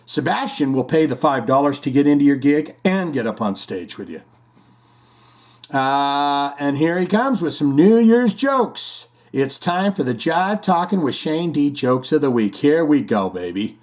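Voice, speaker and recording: A man's voice: fairly high pitch, lively intonation, measured pace, darkish tone. A man hosting a casual music podcast, rambling and joking as he reads out listener comments. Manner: rambling, jokey, puts on silly voices for punchlines. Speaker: podcast host.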